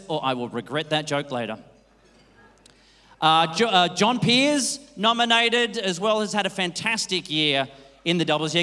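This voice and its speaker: A man hosting an awards night as master of ceremonies, cracking quick jokes and bantering with the crowd. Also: sits high, sharp tone. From Australia. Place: large hall. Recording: long hall reverb.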